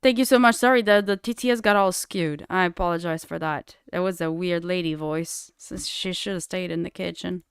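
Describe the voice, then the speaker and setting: Blunt, smooth-voiced woman streamer. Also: on the low side, fairly quick, few pauses, no room sound, clean studio sound. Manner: blunt, swears freely. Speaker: livestream host. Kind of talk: casual chat.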